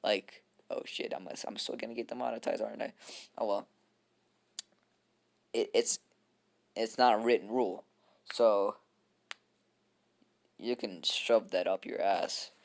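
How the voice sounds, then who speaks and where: A man's voice: lowish voice, fairly even intonation, measured pace, vocal fry, long pauses. A young man casually telling a fan story to his viewers, rambling, laughing often and swearing.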